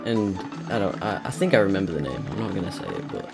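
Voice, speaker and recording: A man's voice: deep voice, very animated, quick pace, gravelly. A British man rambling through a personal story while playing a video game, with many fillers and restarts. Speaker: let's play gamer. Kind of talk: casual gameplay chat and storytelling. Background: game music.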